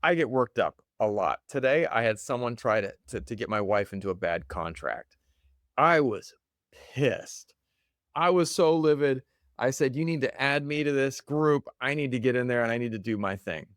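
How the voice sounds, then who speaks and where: A man talks to camera in a loose, chatty motivational monologue, often laughing at his own stories. His voice sits in an ordinary middle pitch. The sound is close and dry, with no room around it. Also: moderate pace, fairly bright tone, smooth, dry recording. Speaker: podcast host.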